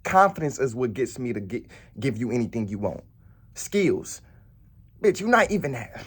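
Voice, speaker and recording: A man's voice: medium pitch, big pitch swings, normal speed, breathy edge. A man telling a story to camera in a blunt, profane, rambling way. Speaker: vlogger. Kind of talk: casual storytelling.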